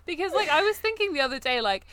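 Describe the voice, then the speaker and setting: A woman with a fairly high voice, co-hosting a podcast. She talks in a thoughtful, wry way and laughs often in casual chat. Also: very animated, fast talker, a crowd in the background. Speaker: podcast co-host.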